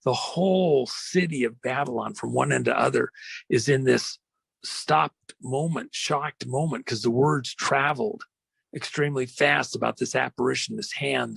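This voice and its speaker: A man hosting a podcast, retelling an old story as a dramatic monologue with slow emphasis and frequent fillers. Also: mid-range voice, steady tone, fairly bright tone, no echo. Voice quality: gravelly. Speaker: podcast host.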